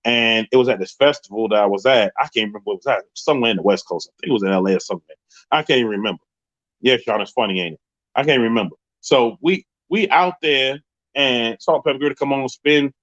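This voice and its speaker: New man, 30s, live-stream host, lively storyteller who mimics other voices, dry muffled sound. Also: mid-range voice, fast, no echo. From Queens, New York. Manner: animated, acts out the voices of people in his story. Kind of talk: casual storytelling on a livestream.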